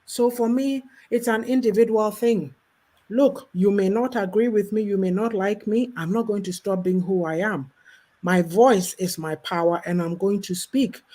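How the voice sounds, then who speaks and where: A woman's voice: medium pitch, dark tone. A woman from Ghana speaking in casual conversation, outspoken and impassioned. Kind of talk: casual chat.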